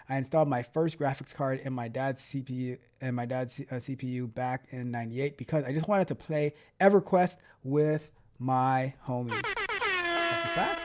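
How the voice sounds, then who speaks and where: A man hosts a casual livestream and reads out viewer comments. He is playful and likes to repeat himself. His voice sits at a middle pitch. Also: darkish tone. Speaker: livestream host and tech coach.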